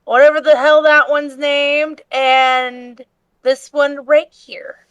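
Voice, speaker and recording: A woman's voice: sits high, level tone, slow, a bit bright, dry recording, highs cut off. A woman playing a tabletop game, talking in a wry, matter-of-fact way. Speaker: player. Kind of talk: casual game chat.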